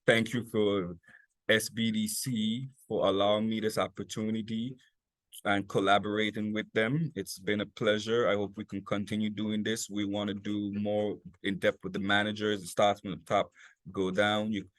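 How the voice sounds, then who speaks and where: A man with a US Virgin Islands accent giving a customer service workshop talk, chatty and lively, often checking in with "okay?" and "right?". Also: lowish voice, moderate pace, no room sound. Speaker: workshop speaker, private chef.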